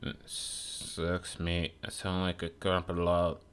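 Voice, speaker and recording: A man's voice: deep voice, monotone, slow, fairly bright tone, clean tone. A young man streaming a video game, chatting in a rambling, profane, sarcastic way. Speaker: gaming streamer. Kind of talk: casual chat while gaming.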